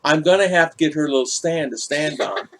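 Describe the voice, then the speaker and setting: A man's voice: on the high side, fairly quick, a bit bright. A middle-aged man hosting a casual livestream, chatting and greeting viewers in the chat by name. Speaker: vlog host reading live chat.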